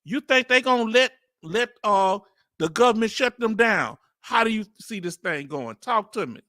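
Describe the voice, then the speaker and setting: Bright-voiced Southern man reacting live. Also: high voice, moderate pace, dry recording, clean studio sound. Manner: animated and playful, laughs often, loose slang. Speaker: reaction video host. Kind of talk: casual live reaction commentary.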